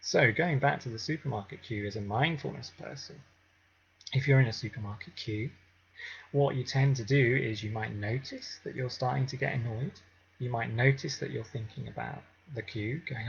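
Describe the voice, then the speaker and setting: A man teaching mindfulness in an unhurried, conversational way, with many filler ums. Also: medium pitch, creaky, husky, highs cut off. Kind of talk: informal teaching talk.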